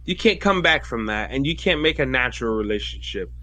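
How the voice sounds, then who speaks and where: A man's voice: mid-range voice, animated, fairly quick, pushed and bright. A man co-hosting a casual movie review chat, easygoing and agreeable, sometimes stumbling over words.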